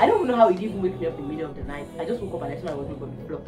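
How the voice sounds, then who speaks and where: A young woman vents to her phone in a casual vlog, exasperated and animated, breaking into laughs. She sits back from the mic in an echoey room while music plays underneath. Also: on the low side, racing, few pauses. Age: young adult. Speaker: vlogger. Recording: roomy, distant phone recording with music.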